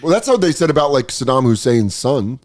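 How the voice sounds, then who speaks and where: Animated podcast host riffing. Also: male voice, medium pitch, fairly quick, dry recording, clean studio sound. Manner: riffing, profane, slips into mock voices. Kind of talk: casual comedic chat.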